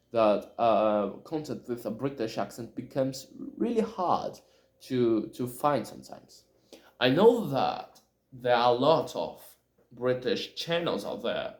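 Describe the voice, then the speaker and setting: Male solo podcaster, second-language English speaker, unhurried and hesitant, recorded in an echoey room. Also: mid-range voice, sing-song, darkish tone. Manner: halting, frequent fillers and restarts. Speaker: podcast host. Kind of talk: casual solo monologue.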